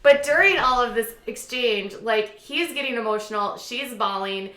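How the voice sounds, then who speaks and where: Brief: sarcastic female recapper, bright tense voice, roomy echo. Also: a little high, normal speed. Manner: gossipy, sarcastic, lots of "like" fillers; acts out quotes in mocking voices. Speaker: reality TV commentator. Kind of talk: casual recap commentary.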